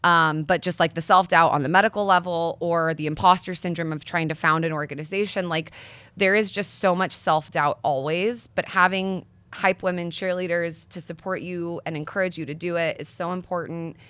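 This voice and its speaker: A woman's voice: lowish voice, fairly even intonation, normal speed, a bit bright, clean tone, no room sound. Earnest young woman, dry close sound. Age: young adult. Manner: earnest, articulate, persuasive. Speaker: guest, nonprofit founder. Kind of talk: sit-down interview conversation.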